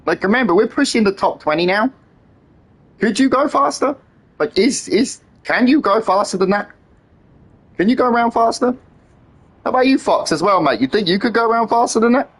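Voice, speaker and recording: A man chatting excitedly on a live game stream, swearing freely and trading teasing banter with his friends. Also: sits high, fairly quick, pauses often, slightly rough. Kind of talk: live-stream gameplay chat.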